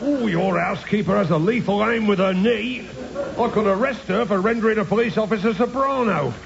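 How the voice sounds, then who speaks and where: An actor playing a sardonic Victorian police inspector in a comic radio play, with a gravelly voice. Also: male voice, sits high, fairly quick, a faint crowd. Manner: sardonic wisecracks. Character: gruff Victorian police inspector, man, middle-aged. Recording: dull lo-fi recording, audience laughter and hiss.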